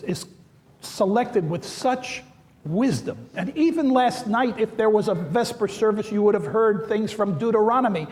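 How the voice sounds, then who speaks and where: A male priest giving a sermon, telling stories with animated, acted-out quotes. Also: high-pitched. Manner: animated storytelling, acts out quoted voices. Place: large church. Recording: long church reverb.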